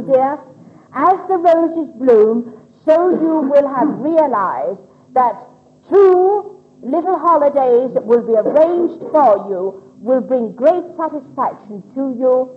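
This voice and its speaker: A woman giving messages from the spirit world to members of an audience, calling them "my dear" and reassuring them. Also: a little high. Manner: calls listeners "my dear", reassuring. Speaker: spiritualist medium. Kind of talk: public spirit-message demonstration. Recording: tinny phone-like old recording.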